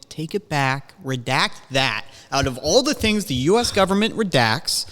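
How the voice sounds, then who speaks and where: A man on a casual podcast, ranting and swearing, often jumping into a high mocking voice. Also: lively intonation, moderate pace, fairly bright tone. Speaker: podcast co-host. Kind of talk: casual chat. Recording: long hall reverb.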